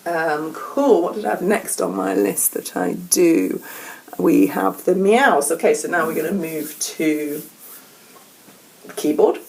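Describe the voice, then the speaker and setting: Slow-talking woman coaching vocal warm-ups. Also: fairly low pitch, vocal fry, a little hiss or hum, poor audio. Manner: gentle, unhurried, encouraging. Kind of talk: casual instructional talk. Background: keyboard playing.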